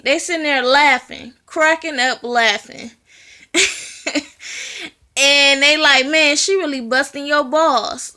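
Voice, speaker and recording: Woman, high voice, unhurried, casual profane movie recap. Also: bright, forceful tone. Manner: chatty, profane storytelling with frequent "you know". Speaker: movie reviewer.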